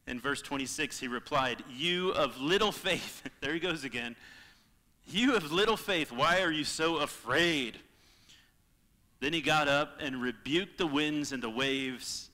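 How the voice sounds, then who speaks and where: A man preaching a sermon as pastor, impassioned, swinging between loud appeals and hushed moments. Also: on the high side, long reverb tail. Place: church sanctuary.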